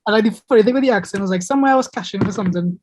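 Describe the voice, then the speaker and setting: A young man from Trinidad with a Trinidadian accent, telling quick stories and laughing in a casual podcast chat. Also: sits high, slight background noise.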